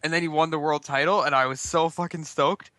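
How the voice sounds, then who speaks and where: A man co-hosting a podcast, chatting casually and excitably with lots of swearing. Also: fairly high pitch, fairly quick, no echo. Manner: excitable, profane. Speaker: podcast co-host. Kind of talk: casual chat.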